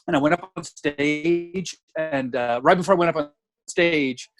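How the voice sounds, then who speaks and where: A middle-aged man, a guest comedian telling stories in a casual, animated, chatty way. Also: a little high, unhurried, no echo, faint music behind. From Alabama, US. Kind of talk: casual anecdotal storytelling.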